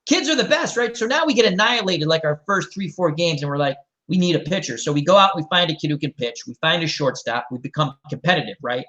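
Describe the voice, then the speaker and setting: A middle-aged man hosting a casual chat, telling a long story in a rambling, animated way and acting out the quotes. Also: on the high side, quick pace, few pauses, rough recording. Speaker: show host.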